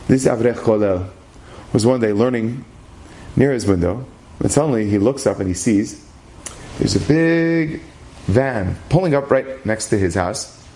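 Brief: inspirational male storyteller, dramatic pauses, lively. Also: medium pitch, a little hiss or hum. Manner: animated, dramatic pauses, shifting pace.

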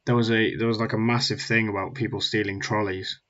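A man's voice: fairly low pitch, flat delivery, brisk, a bit bright. A man co-hosting a podcast over a call, bantering with sarcastic teasing. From Wales. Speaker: podcast co-host. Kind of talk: casual chat. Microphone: remote call mic. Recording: dull lo-fi call audio.

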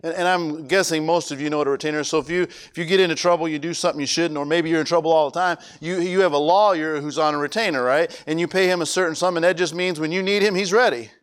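A man's voice: fairly high pitch, steady tone, quick pace, hardly any pauses, clear, resonant tone. A man preaching a conversational sermon, often stumbling over repeated words and asking the congregation questions.

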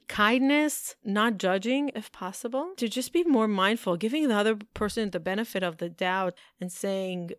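A woman's voice: mid-range voice, clean tone, no echo, clean studio sound. A woman hosting a podcast, telling personal stories in an earnest motivational talk. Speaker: podcast host.

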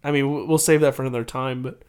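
A man's voice: medium pitch, steady tone, quick pace, clean tone. A man co-hosting a casual podcast, talking eagerly and with feeling. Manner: enthusiastic, gushing, breaks into movie impressions. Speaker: podcast co-host. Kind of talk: casual chat.

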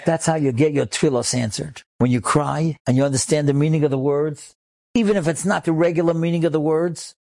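A rabbi tells an inspirational story, his emotive delivery building in intensity. His voice is fairly high, dark-toned and brisk, with vocal fry and a fairly even intonation.

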